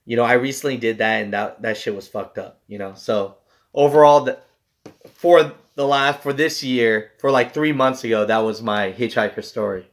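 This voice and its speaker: A man's voice: mid-range voice, moderate pace. A young man, a truck driver, telling a story to his viewers in a loose, rambling way. He swears freely and fills his talk with "like" and "you know.". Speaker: truck driver and channel host.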